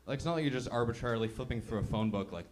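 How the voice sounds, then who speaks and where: A man doing stand-up on a club stage, talking in an easy, chatty way at a middle pitch. He mocks himself and keeps slipping into little put-on voices. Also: rapid-fire, very noisy. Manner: chatty, self-mocking, acts out voices. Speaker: stand-up comedian. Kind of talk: stand-up comedy set.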